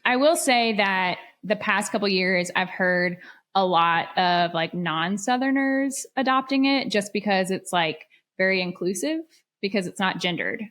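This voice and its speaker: Slow-talking dry woman co-host. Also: mid-range voice, animated, fairly bright tone. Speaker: podcast co-host. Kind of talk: casual chat.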